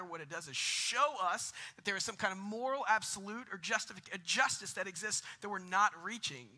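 A man's voice: sits high, bright, forceful tone. A man, preaching a conversational sermon with jokes and rising emphasis. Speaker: pastor.

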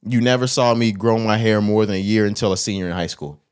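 A man co-hosting a podcast, talking casually in a blunt, profane, animated storytelling manner. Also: lowish voice, fast talker, clean tone. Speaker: podcast co-host. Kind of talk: casual chat.

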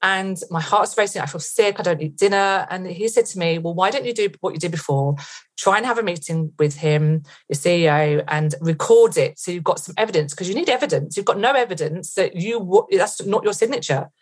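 Woman telling a vivid story, low voice. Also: brisk. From England. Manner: vivid retelling with quoted inner thoughts. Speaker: podcast guest. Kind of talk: storytelling in a podcast interview.

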